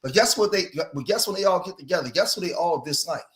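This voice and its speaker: Emphatic high-voiced man reacting to clips. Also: fast talker. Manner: animated, rising to loud emphatic outbursts, addresses viewers as y'all. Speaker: commentary host. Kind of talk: casual reaction commentary.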